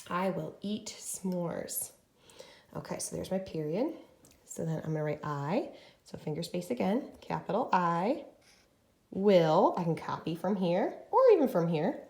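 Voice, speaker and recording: Woman teacher for a young kids' writing lesson, lowish voice, sounds out words slowly, echoey room. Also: very animated, creaky, mellow. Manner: slow and encouraging, sounding out words. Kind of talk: early-grade writing lesson.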